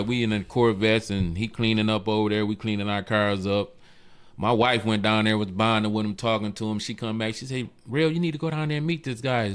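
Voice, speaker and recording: A man, a car club president, telling stories in a casual interview and acting out the voices of the people he quotes. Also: clear, resonant tone. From Michigan. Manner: animated, acts out quoted voices with big jumps in pitch.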